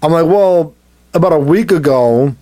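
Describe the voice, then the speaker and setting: A man telling a story in casual chat, animated and laughing often as he acts out what people said. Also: on the high side, moderate pace. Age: adult, has a son. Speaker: podcast co-host telling a story.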